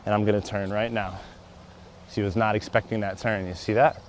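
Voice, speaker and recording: A man's voice: a little fast, a little hiss or hum. A young man, a dog trainer, talking casually through each step of a training session while walking his dog outdoors. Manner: explains steps aloud, breaks into high excited praise for the dog. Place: outdoors on a walking path and grass.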